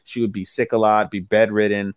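A man with a low voice talks through anime plots for his podcast, loose and swearing freely, leaning on plenty of fillers. The sound is dry and close, with no room around it. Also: little pitch movement, brisk, clear, resonant tone, dry recording. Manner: loose, profane plot recapping with many fillers. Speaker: podcast co-host. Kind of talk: casual anime review chat.

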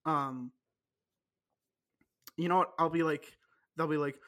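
A man with a notably high voice co-hosting a casual podcast. He rambles, jokes and restarts his sentences often, laughing along as he goes. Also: steady tone, unhurried, pauses often, a bit bright. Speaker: podcast co-host. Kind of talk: casual chat.

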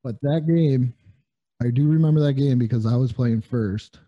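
Man, guest in a casual chat, halting speech, dry close sound, dull lo-fi audio. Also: medium pitch, no echo. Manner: halting, stammering repeats.

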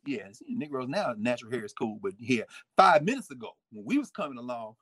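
A man giving a lively history lecture with folksy asides, swinging his volume up and down. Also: a little high, fairly quick, hardly any pauses, breathy edge, dry recording. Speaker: history teacher. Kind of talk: lively history lecture with read-aloud quotes.

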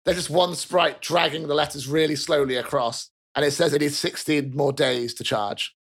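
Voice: mid-range voice, steady tone, moderate pace, husky. A game master narrating a tabletop game in a rambling way, laughing often.

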